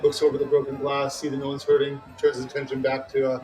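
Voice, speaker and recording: A man's voice: mid-range voice, completely flat delivery, quick pace, darkish tone, rough recording. A man playing a tabletop game, eagerly explaining what his character is doing. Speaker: player.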